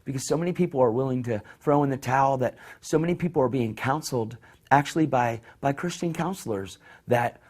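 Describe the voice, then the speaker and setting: A man's voice: medium pitch, a little fast. Impassioned male preacher telling a story. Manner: impassioned storytelling, acts out voices softly; repeats words and restarts phrases. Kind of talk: sermon.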